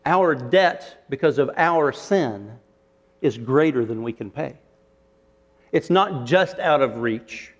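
A man's voice: mid-range voice, animated, takes it slowly. A man preaching a sermon, retelling a parable with rhetorical questions and shifting emphasis. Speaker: pastor.

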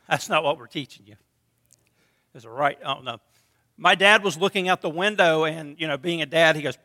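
A man's voice: on the high side, brisk, pushed and bright. A middle-aged male pastor preaching a sermon in a conversational, storytelling way with touches of humor. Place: church sanctuary. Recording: long reverb of a church hall.

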